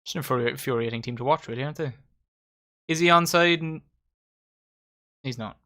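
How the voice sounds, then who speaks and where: A young man giving excitable, sweary live commentary while hosting a football watchalong. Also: medium pitch, a little fast. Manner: excitable, swearing, addresses viewers as lads. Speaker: watchalong host.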